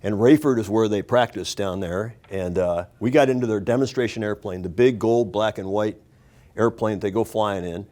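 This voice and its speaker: A man in his sixties, a guest on a talk show, telling a story with lively energy and acting out the voices and shouts of the people in it. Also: on the low side, moderate pace. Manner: animated, acts out voices and shouts in his stories.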